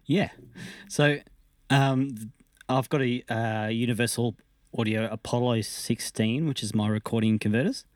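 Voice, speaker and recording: A man's voice: mid-range voice, steady tone, moderate pace, no echo, studio quality. A man co-hosting a podcast in easygoing casual chat, laughing along with his partner. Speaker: podcast co-host.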